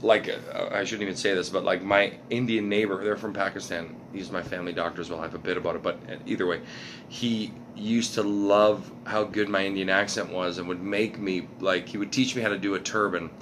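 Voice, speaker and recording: A man's voice: low-pitched, little pitch movement, fairly quick, background noise. A Canadian comedian, a man, chatting casually as a guest and rambling with lots of fillers and swearing. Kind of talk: casual podcast chat.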